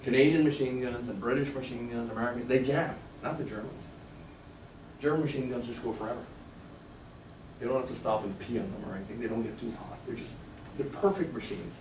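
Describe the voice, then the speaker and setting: A man's voice: medium pitch, brisk. A man giving a sales negotiation seminar to a live class, telling stories and acting out phone calls. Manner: animated, storytelling, acts out phone lines. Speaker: sales trainer. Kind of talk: seminar lecture. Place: training room with a live class. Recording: echoey room, mic far off, faint noise.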